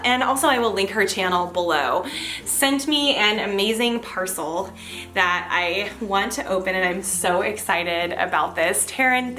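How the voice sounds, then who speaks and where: Young woman vlogger gushing away, high bright voice, soft music behind. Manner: gushing, excitable, lots of gasps. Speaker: Disney vlogger. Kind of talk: casual chat to camera.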